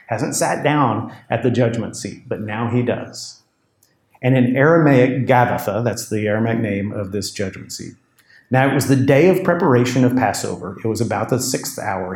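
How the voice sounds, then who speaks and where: A man's voice: mid-range voice, darkish tone, echoey room. A man preaching a sermon, telling the story with animation and voicing the people in the text. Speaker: pastor.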